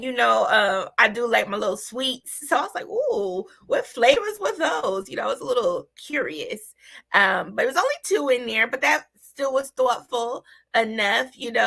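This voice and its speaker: A woman panelist on a podcast, discussing a reality show in a lively, gossipy, playful way. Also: a little high, moderate pace, vocal fry.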